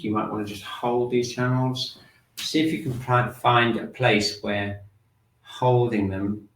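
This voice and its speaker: A man teaching a shiatsu and qi gong class, talking students through breathing and tapping with calm, gentle prompts. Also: fairly low pitch, a little hiss or hum. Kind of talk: guided exercise class. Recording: echoey room, mic at a distance.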